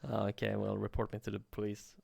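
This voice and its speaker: A man teaching coding on a livestream in a relaxed way, thinking aloud and swearing casually. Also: lowish voice, quick pace, vocal fry, no room sound, studio quality. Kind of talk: casual live coding tutorial.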